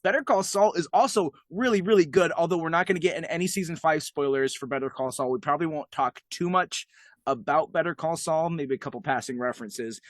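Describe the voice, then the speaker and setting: A man's voice: a little high, dry recording, studio quality. A man co-hosting a podcast, chatting casually and enthusiastically over a video call. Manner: enthusiastic, chatty, quick asides. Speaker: podcast co-host. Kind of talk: casual chat.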